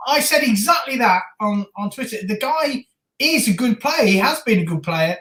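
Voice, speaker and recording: A woman co-hosting a live stream, reacting enthusiastically to a football match and shouting at big moments. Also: a little high, lively intonation, moderate pace, echoey room. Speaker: stream co-host.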